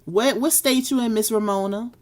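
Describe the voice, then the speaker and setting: A woman's voice: a little high, normal speed. Live stream host, woman, thirties, casual and talkative. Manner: chatty, laughs often, Southern US slang.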